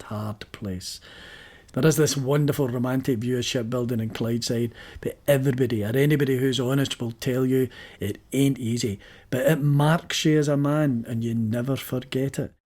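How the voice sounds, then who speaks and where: A man's voice: medium pitch, a little mellow. A man presenting a documentary and talking earnestly with his guest.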